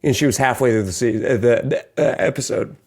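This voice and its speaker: A man co-hosting a TV recap podcast, telling a family story in an animated way and laughing often. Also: medium pitch, fast. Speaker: podcast co-host. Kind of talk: casual chat.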